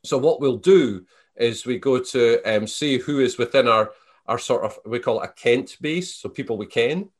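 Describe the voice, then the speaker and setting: A man's voice: medium pitch, normal speed, breathy edge. A Scottish man being interviewed, telling stories casually with frequent restarts and fillers. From Scotland. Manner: storytelling, animated, many restarts and fillers. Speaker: guest.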